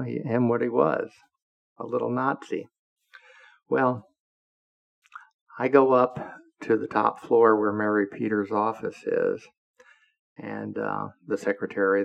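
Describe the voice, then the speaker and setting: A man's voice: lowish voice, steady tone, a little slow, gravelly. A man podcaster telling a blunt, profane workplace story in a candid monologue, laughing now and then. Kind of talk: anecdotal monologue. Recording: dull lo-fi audio.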